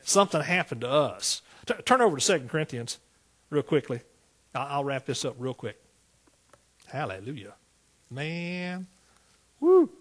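A pastor preaching a sermon, telling his own story in a lively way and often breaking into exclamations of praise. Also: medium pitch, normal speed, long pauses, slightly rough.

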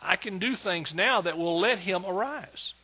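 A man preaching a sermon as pastor, emphatic and repetitive, building words into shouts of praise. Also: sits high, expressive, a little slow, breathy edge. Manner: emphatic preaching, repeats words with rising intensity.

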